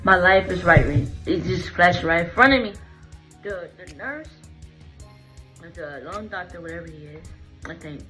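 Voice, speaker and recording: A woman's voice: lowish voice, animated, unhurried, long pauses, sharp tone, soft background music, poor audio. A woman vlogger telling her own story in an earnest, emotional way, going back over phrases as she remembers. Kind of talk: personal storytelling to camera.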